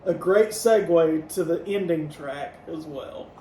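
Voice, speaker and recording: His voice sits on the high side and he speaks unhurriedly, picked up by a distant mic in an echoey room with a little background noise. As a podcast co-host, he casually goes through an album track by track, giving relaxed scores out of ten and laughing readily.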